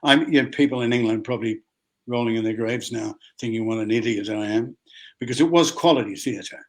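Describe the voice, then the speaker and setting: Older Australian man telling stories. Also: medium pitch. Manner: lively storyteller who acts out other people's voices. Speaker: guest actor. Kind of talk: anecdotal interview storytelling.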